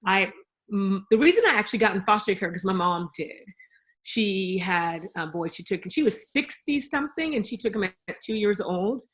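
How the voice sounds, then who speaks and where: A woman guest in a casual conversation, telling stories in an enthusiastic, animated way. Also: mid-range voice, normal speed.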